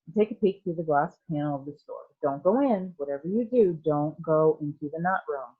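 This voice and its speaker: A woman voicing an eccentric, excitable male candy maker who talks briskly and bossily. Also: low voice, slightly rough, narrow, tinny audio. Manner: brisk, bossy, theatrical.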